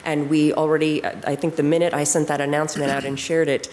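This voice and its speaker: Low-voiced woman presenting a city budget. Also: flat delivery, a little mellow, a little hiss or hum. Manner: measured, explanatory, frequent fillers. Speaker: city attorney. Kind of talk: budget presentation at a council meeting. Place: council chamber.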